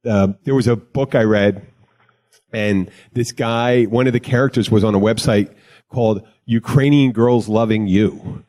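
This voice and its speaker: A man's voice: lowish voice, a little slow, warm tone. A man hosting a casual podcast chat, rambling and joking, often interrupting himself. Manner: rambling, jokey, self-interrupting. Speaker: podcast host, bartender.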